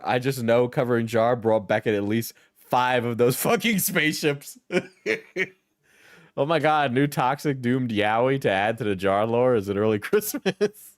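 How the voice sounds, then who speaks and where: A man's voice: medium pitch, unhurried, dry recording. Profane, rambling streamer man, dry sound. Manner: rambling, profane, laughs often. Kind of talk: casual live-stream commentary.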